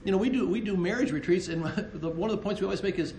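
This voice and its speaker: A man's voice: high voice, fast talker, darkish tone, echoey room, a little hiss or hum. A man co-hosting a Christian talk on marriage, earnest and joking, often restarting his sentences. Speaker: co-host, married couple ministry.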